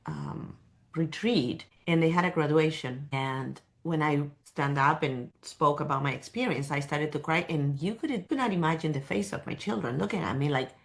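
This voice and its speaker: A woman's voice: sits low, moderate pace, gravelly. A woman hosting a podcast interview, an attentive listener who speaks with a phrasing. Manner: warm, attentive listener, frequent affirmations. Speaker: podcast host.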